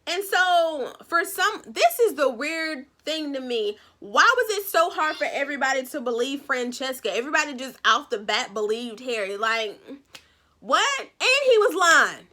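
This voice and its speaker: A woman vlogger giving a casual, animated and blunt recap of a reality show, with some swearing. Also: sits high, normal speed, few pauses.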